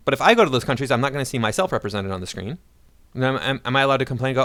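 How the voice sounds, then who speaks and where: Fast-talking sarcastic man ranting. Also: mid-range voice, animated, a bit bright, dry recording, clean studio sound. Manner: sarcastic, mocking, indignant. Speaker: YouTube commentator. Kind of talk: ranting reaction commentary.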